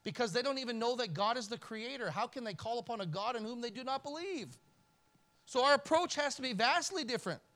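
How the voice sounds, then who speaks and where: A man preaching a sermon in church as pastor, swinging from loud emphasis to near-whispered pleading. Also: very high-pitched, lively intonation, brisk. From Canada.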